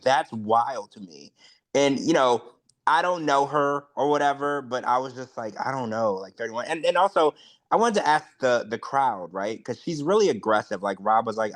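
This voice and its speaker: Man, podcast co-host, casual chat, frank, filler-heavy delivery. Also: mid-range voice. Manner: chatty, heavy use of "like", frank and blunt.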